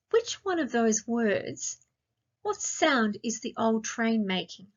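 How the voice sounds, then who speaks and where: An Australian woman teaching a grammar lesson to young children, speaking slowly and clearly and asking lots of questions. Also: fairly high pitch, very animated. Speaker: primary school teacher. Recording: dull lo-fi sound.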